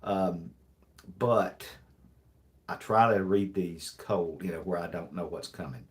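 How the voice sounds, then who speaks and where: A man hosting a live stream, reading jokes aloud in a dry, deadpan way and rambling with many restarts and apologies. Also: deep voice, slow pace. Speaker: livestream host. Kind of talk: casual livestream chat, reading jokes aloud.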